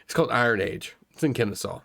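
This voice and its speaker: Young American male co-host, average pitch, loose and jokey, swears constantly. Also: animated, quick pace, creaky, a bit bright. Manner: profane, teasing, laughs often. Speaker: podcast co-host. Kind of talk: casual podcast chat.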